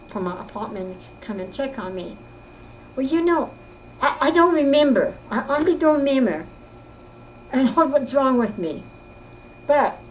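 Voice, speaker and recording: Older woman, rambling and halting. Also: a little high, darkish tone, lo-fi sound, slight background noise. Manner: rambling and halting, repeats herself. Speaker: interviewee recounting her life. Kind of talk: casual spoken reminiscence.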